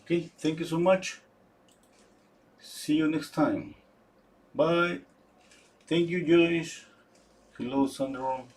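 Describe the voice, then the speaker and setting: A man giving a live painting demonstration, thinking aloud in a halting way with frequent restarts. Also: fairly high pitch, a little mellow, slight background noise. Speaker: painting instructor.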